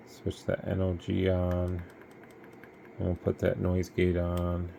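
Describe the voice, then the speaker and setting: Low gravelly man, tired rambling demo. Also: completely flat delivery, takes it slowly, dark tone, a little hiss or hum. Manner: rambling, easygoing. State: tired, yawning. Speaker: radio seller demonstrating gear. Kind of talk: casual product demo.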